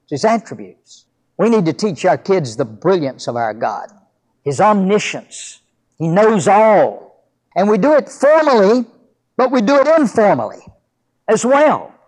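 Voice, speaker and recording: A man's voice: high voice, a little mellow. An older man preaching a sermon about teaching children, telling stories from his family and ministry. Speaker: pastor.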